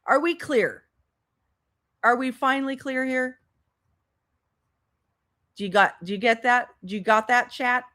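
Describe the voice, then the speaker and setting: A woman's voice: a little high, a little slow, long pauses, pushed and bright. A woman hosting a commentary livestream, sarcastic and exasperated, swearing as she talks to her chat. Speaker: commentary channel host.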